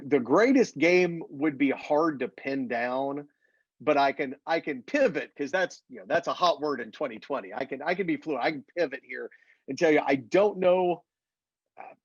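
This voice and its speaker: A man's voice: on the high side, normal speed, slightly rough, no room sound, lo-fi sound. A man who works as a play-by-play announcer, chatting in an interview and acting out the people in his stories. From Missouri. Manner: animated storyteller, acts out quotes. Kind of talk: casual interview chat.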